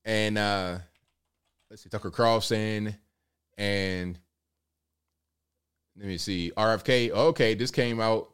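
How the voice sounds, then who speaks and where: Guy hosting a live stream, smooth clear voice, sarcastic, chatting to viewers. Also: on the low side, fairly even intonation, takes it slowly, long pauses, fairly bright tone. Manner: sarcastic, talks straight to viewers. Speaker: host. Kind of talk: casual political commentary.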